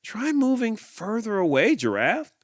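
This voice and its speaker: Man voicing a chatty picture-book snake, female, eager with ideas, raised pitch. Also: wildly swooping pitch, unhurried, no room sound, studio quality, exaggerated voice.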